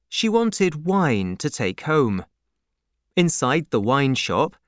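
A woman narrating an audiobook chapter in a measured, clear reading voice. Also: a bass voice, no echo, studio quality.

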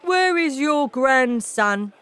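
A woman voicing an angry, blustering father who shouts his lines. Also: sits high, expressive, slow pace, clear, resonant tone, pitched above the performer's own voice, exaggerated voice. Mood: angry shouting.

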